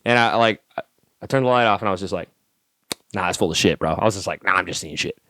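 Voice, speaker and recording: A man, an army staff sergeant guest on a podcast, telling stories casually in a profane, animated way and acting out the dialogue. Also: deep voice, quick pace, no room sound, clean studio sound. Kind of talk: casual storytelling.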